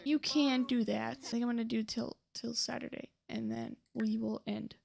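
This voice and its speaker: Gravelly young woman chatting through a game. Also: a little high, fairly even intonation, moderate pace, few pauses, darkish tone. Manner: chatty, talks to the game characters, scolds them. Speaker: gaming channel host. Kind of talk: casual gameplay commentary.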